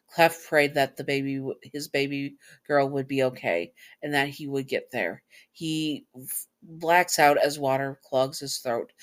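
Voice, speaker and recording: A woman casually reading fan fiction aloud, stumbling over words and apologizing as she corrects herself. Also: low-pitched. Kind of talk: casual story read-aloud.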